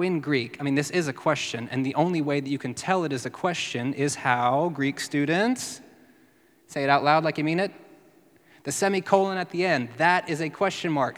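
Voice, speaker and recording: A man preaching a sermon, teaching in a lively way and dropping to a hushed voice for quotes. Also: fairly high pitch, big-room sound. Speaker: pastor.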